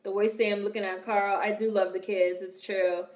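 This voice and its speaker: A woman's voice: medium pitch, level tone, normal speed, a little mellow. Blunt, wisecracking young woman in a roomy room. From Washington, D.C. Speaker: host reacting to a film. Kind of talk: casual film reaction commentary.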